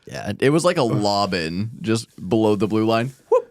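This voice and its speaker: A man co-hosting a hockey podcast in casual chat, dropping deadpan one-liners. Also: lowish voice, moderate pace, no room sound, studio quality. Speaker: podcast co-host.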